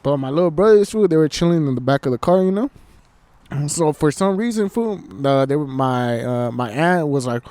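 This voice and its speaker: A man with a dark, mellow voice and a somewhat high pitch tells a story in loose, profane street slang, dropping "fool" into nearly every line. He talks casually and stumbles through restarts as he goes. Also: animated, moderate pace, no echo. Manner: slangy, swears a lot, says "fool" constantly. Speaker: podcast co-host. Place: outdoors at night. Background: faint train.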